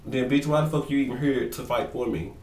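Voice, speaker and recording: A man's voice: mid-range voice, a little fast, distant mic. Man, vlogger, gossipy reality-show recap, slangy and profane, roomy room, set back from the mic. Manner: animated, profane, slangy, acts out quotes in voices. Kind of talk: casual gossip commentary to camera. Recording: roomy sound, away from the mic.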